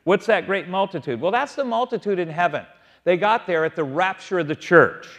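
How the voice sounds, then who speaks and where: A man's voice: high-pitched, lively intonation, brisk, fairly bright tone. A man leading a verse-by-verse Bible study, asking his listeners questions and answering them himself. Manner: asks the audience questions and answers them, stretching key words. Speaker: Bible teacher.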